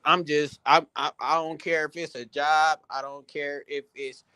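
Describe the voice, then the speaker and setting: A man speaks bluntly and with emphasis in a casual panel discussion. His voice sits a little high. The sound is dry, with little room echo. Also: fairly even intonation, a little slow, pushed and bright, clear, resonant tone.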